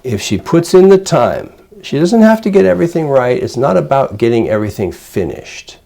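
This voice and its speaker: Older guy psychiatrist coaching a parent, gravelly mellow voice, calm plain talk. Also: mid-range voice, moderate pace. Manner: calm, explanatory, plain-spoken. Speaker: child psychiatrist giving parent training. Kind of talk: conversational teaching with role-play examples.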